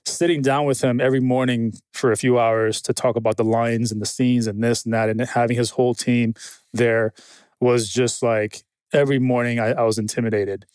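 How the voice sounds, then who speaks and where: Male podcast guest, mid-pitched, animated, foul-mouthed storyteller, dry close mic. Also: moderate pace, clean tone, no room sound. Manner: animated storyteller, swears freely, quotes others. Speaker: guest, military film consultant. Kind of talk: casual podcast conversation.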